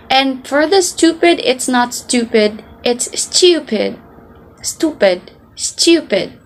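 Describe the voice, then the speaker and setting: A woman's voice: high voice, slight background noise. A woman giving a class presentation, explaining pronunciation step by step and sounding out example words, with the odd hesitation. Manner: occasional "um" hesitations. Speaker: student presenter.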